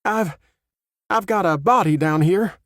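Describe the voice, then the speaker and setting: A woman's voice: fairly low pitch, normal speed, no echo, studio quality, pitched above the performer's own voice, natural voice. A man voicing a rattled small-town woman sheriff, who talks in a shaky, stammering way in an audiobook. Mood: shaken.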